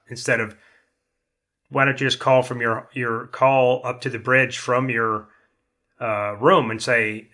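Bright-voiced man in casual chat. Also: medium pitch, fairly even intonation, slow pace. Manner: rambling, many restarts. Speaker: podcast panelist.

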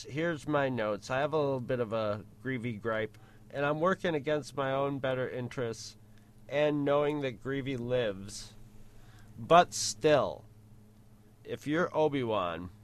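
Man, podcast co-host, casual chat, rambling, joking, mid-pitched. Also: clear, resonant tone. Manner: rambling, joking, restarts and playful voices.

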